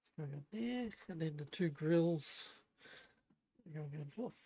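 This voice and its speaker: A woman streams from home, talking unhurriedly and softly to herself as she works. Her words come slow and low, a relaxed running commentary. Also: gravelly. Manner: slow, quiet, murmuring to herself while building. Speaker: live streamer. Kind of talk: casual live-stream commentary. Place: home room.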